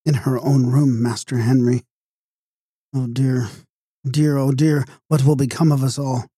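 A man's voice: mid-range voice, flat delivery, measured pace, mellow, husky, no room sound, clean studio sound. A man voicing a terrified, fretful woman servant in a gothic audiobook. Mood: flustered. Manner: fretful, flustered.

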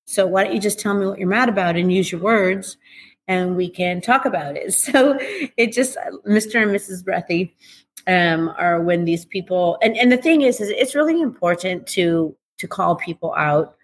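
A middle-aged woman speaking as an interview guest, animated and acting out bits of dialogue in different voices. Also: fairly low pitch, normal speed, a little hiss or hum. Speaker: guest, recovery author. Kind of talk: conversational interview.

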